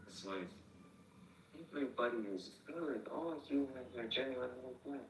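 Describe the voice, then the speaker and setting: A man's voice: mid-range voice, lively intonation, normal speed, gravelly, slight background noise. A young man in casual chat, blunt and joking with plenty of profanity, heard on a roomy, distant mic.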